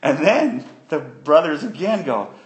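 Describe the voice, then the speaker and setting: A man preaching a sermon, retelling a story in an animated way that swings between loud and soft. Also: fairly high pitch, measured pace.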